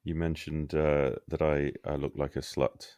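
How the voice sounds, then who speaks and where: A man co-hosting a podcast, explaining a detail in a measured, curious way. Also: a bass voice, flat delivery, dark tone, smooth, no echo, studio quality. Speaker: podcast co-host. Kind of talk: casual discussion.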